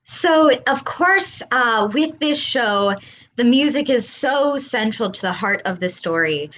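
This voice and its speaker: A woman's voice: on the high side, lively intonation, takes it slowly, fairly bright tone. A woman actor guesting in an interview over a video call, articulate and eager. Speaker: theatre company actor.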